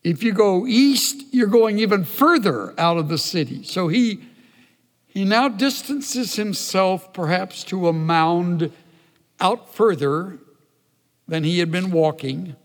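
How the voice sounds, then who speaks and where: A male preacher delivering a sermon in a slightly high voice, slow and emphatic. Long hall reverb rings around every phrase. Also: expressive. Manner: emphatic, storytelling.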